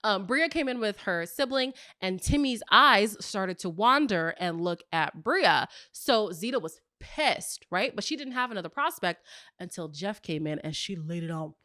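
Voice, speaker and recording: A woman hosting a casual, gossipy recap show, telling stories in an animated way with playful hushed asides. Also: normal speed, no room sound, studio quality. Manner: animated storyteller, acts out quotes with big pitch jumps. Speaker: host of a reality TV recap show.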